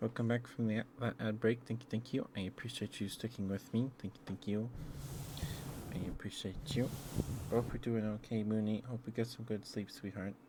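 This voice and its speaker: A man streaming ASMR, talking softly and affectionately to his viewers into a close microphone. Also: on the low side, little pitch movement, a little fast, noisy background. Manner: soft, affectionate murmuring to viewers. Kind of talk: ASMR livestream chat.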